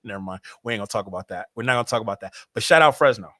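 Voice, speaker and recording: A young man hosting a sports fan livestream, animated and hyped, talking straight to his chat. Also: fairly low pitch, rapid-fire, dry recording, clean studio sound. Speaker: fan show host.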